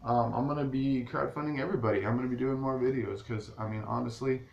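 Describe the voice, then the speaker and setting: Gravelly-voiced man rambling to viewers. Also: mid-range voice, fairly even intonation, quick pace, highs cut off. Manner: rambling, restarts often, talks straight to viewers. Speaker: vlogger. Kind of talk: casual rambling monologue to viewers. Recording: echoey room with faint ambient noise.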